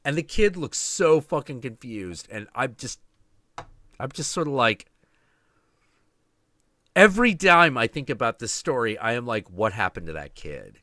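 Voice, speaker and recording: Animated, profane man telling a story. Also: medium pitch, measured pace, pauses often, no room sound. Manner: animated, profane, acts out voices in his story. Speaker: show host. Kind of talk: casual storytelling on a livestream.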